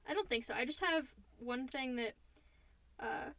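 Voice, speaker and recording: A woman's voice: high-pitched, lively intonation, moderate pace, a bit bright. A young adult woman co-hosting a podcast in casual chat, playful and rambling. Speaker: podcast co-host.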